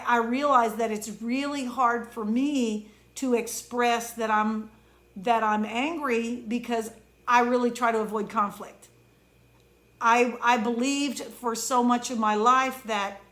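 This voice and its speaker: A woman with a fairly high voice delivers a heartfelt pep talk as an emotion coach. She speaks in an earnest, conversational way and draws out the words she wants to land. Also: fairly even intonation, a bit bright. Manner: earnest, conversational, slows down to stress key words. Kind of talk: motivational pep talk monologue.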